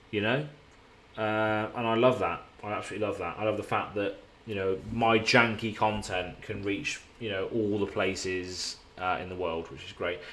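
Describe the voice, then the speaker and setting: Laid-back English man, low voice. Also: fairly bright tone. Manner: rambling, laid-back, swears casually. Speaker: streamer. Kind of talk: casual live-stream chat. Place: hotel room.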